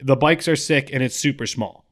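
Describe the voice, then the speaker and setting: A man's voice: medium pitch, normal speed, a bit bright. Profane young man telling a story. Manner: rambling, profane, laid-back storytelling. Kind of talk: casual podcast chat.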